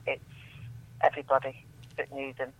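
A woman reading her own poems aloud in a steady, measured recital, her line endings dropping softly. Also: extremely low pitch. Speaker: guest poet. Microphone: telephone. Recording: tinny phone line.

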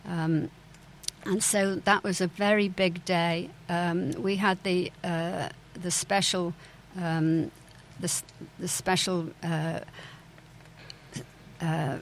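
An older woman reminisces in an interview, her voice sitting low and staying fairly even in pitch. She talks with frequent ums and restarts, and a faint hum of ambience lies behind her. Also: poor audio. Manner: hesitant, many fillers and restarts. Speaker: interview guest, former club owner's daughter.

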